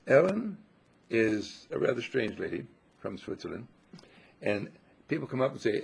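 A man's voice: mid-range voice, big pitch swings, moderate pace, vocal fry, long pauses, a little mellow, breathy edge. An older man giving an effusive, affectionate inspirational talk to a gathering, his voice swooping up on emphasis. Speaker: spiritual speaker.

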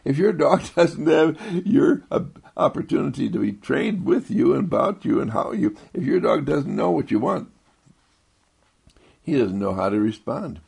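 A man giving a gentle inspirational monologue, soft-spoken and rambling, repeating himself and chuckling often. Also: very animated, moderate pace, vocal fry, breathy edge. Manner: swoops high when quoting others.

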